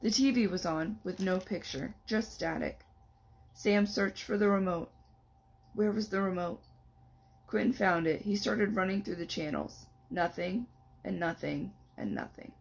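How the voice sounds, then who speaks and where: A woman on a library's staff reading the first chapter of a young adult novel aloud in a steady storytelling manner. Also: medium pitch, a little slow, creaky, slightly rough.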